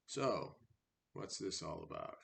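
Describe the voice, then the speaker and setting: A man reading a verse fable aloud, then retelling it in a relaxed, chatty way. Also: low voice, slow pace, gravelly. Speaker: storyteller.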